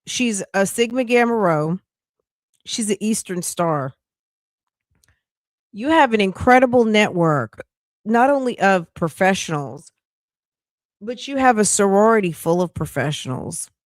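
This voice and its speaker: An American woman hosts a casual live commentary stream, chatty, incredulous, and frequently laughing. Her mid-range voice is animated yet unhurried, with long pauses. The studio-quality recording has no room sound.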